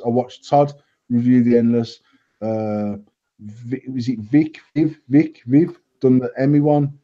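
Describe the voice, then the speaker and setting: A man's voice: mid-range voice, dark tone, muffled recording. A man from England co-hosting a casual chat, blunt and rambling, swearing freely and restarting his sentences. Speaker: vape company owner, co-host.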